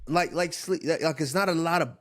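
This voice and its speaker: A man in his thirties co-hosting a casual sports talk show, animated and loose, often restarting his sentences and leaning on fillers as he interviews a guest. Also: a little high, fairly quick. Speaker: podcast co-host and interviewer. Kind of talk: casual chat.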